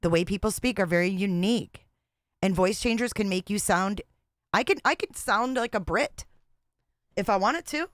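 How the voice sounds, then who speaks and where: A woman's voice: medium pitch, animated, moderate pace, dry recording, clean studio sound. A woman hosting a casual livestream, talking in a blunt, repetitive and exasperated way. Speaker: livestream host.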